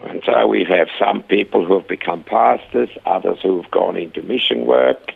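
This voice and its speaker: An older man with a gravelly, husky voice tells his stories with animation, his pitch jumping up whenever he acts out his own words. He comes through a thin, tinny phone line. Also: normal speed. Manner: animated retelling, voice rising when quoting himself. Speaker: guest, rehab centre founder. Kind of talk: storytelling in a conversation.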